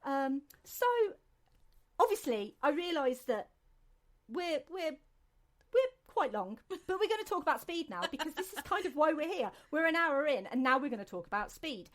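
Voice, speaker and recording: A woman's voice: high-pitched, big pitch swings, moderate pace, fairly bright tone. A British woman hosting a podcast, chatting casually in a rambling way with many fillers and restarts. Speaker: podcast host. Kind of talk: casual chat.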